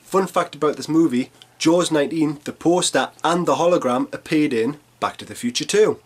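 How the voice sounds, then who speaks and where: A man's voice: fairly high pitch, normal speed. A man in his thirties reading a scripted film review, with sarcastic, punchy jokey asides. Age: 30s.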